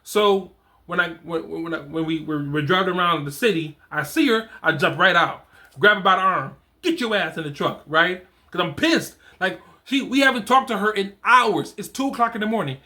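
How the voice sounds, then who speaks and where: Brief: middle-aged man, fatherhood coach, high bright voice, animated and conversational, restarts his phrases as he talks. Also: moderate pace. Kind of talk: casual solo talk reading from a program.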